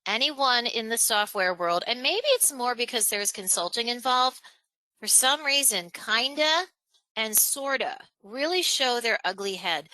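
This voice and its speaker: A woman presenting a live webinar on speaking skills, animated and chatty, acting out examples. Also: measured pace, no room sound, poor audio. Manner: animated, acts out examples in a higher voice, laughs between points. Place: online webinar, home or office.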